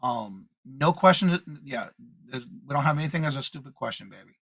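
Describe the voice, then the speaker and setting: A man's voice: medium pitch, animated, fairly quick, a bit bright, slightly rough, no echo. A man co-hosting a morning live stream, chatting casually, reading out viewer comments and greeting each viewer by name with the same welcome.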